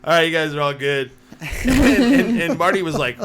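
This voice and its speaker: A man co-hosting a casual podcast chat, telling stories with lively acted-out quotes. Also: a little high, a little fast, over a noisy crowd. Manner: animated storyteller, acts out quotes. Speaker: podcast co-host. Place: small home studio.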